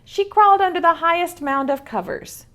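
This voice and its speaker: A woman's voice: very high voice, moderate pace, a bit bright. A woman preschool teacher in an online video class, reading a picture book aloud expressively and asking the children questions.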